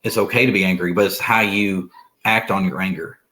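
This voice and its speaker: A middle-aged man with a fairly low voice speaks earnestly in relaxed conversation. He rambles a little and often restarts his sentences as he works through his thoughts. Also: a little fast. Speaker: podcast guest. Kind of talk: casual conversation.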